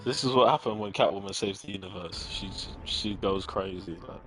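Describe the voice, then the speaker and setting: A man's voice: deep voice, fairly quick, soft background music. A man, chatting casually with his chat while playing a game live. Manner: laid-back, slangy banter with chat. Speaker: live-streaming gamer. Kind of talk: casual live-stream commentary.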